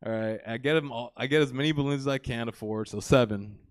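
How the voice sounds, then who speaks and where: On a comedy theater stage, a young man in his twenties performs a live stand-up set, talking quickly in a mid-range voice. His delivery is rambling and crude, full of "you know" and "like."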